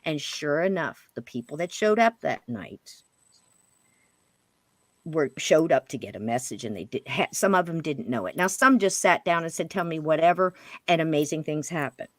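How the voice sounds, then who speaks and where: A woman telling a spirit story as a guest medium on a paranormal interview show, acting out what she and others said and dropping into a hush at times. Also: sits low, moderate pace, no room sound. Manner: animated, quotes spirits and herself in hushed voice.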